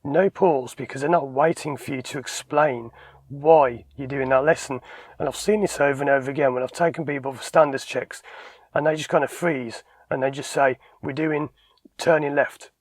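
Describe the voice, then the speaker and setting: A man's voice: medium pitch, fairly even intonation, moderate pace, breathy edge, no echo. A man, a driving instructor giving a tips video, talking emphatically and acting out short bits of dialogue. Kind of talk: direct-to-camera instructional talk.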